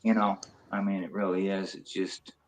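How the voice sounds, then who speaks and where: A man's voice: low-pitched, flat delivery, normal speed, slight background noise, poor audio. Rambling, laughing man in his sixties. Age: 60s. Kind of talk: casual stream chat.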